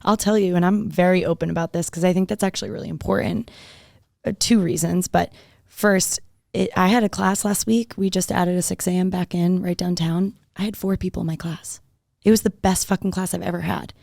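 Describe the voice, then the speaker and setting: A woman's voice: on the low side, fairly even intonation, a little fast, gravelly, a little mellow, no room sound, clean studio sound. A woman fitness instructor, talking bluntly and emphatically as a podcast guest, swearing freely. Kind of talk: casual podcast conversation.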